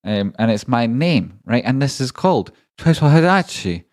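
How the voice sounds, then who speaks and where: A man's voice: medium pitch, very animated, moderate pace, a little mellow, dry recording. A man hosting a live stream, rambling and joking casually with viewers and swearing now and then. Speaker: livestream trading host.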